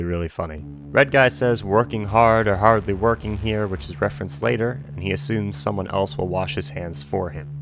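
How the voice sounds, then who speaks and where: A man's voice: deep voice, fairly bright tone, a little hiss or hum. A man talking through a video analysis of a show in a wry, joking and speculative way. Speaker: commentary host.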